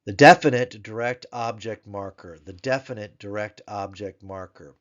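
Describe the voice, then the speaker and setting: A man teaching a grammar lesson in a recorded tutorial, explaining slowly and repeating words so learners can pronounce them. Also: fairly low pitch, muffled recording. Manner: slow, careful, repeats Hebrew words to drill pronunciation.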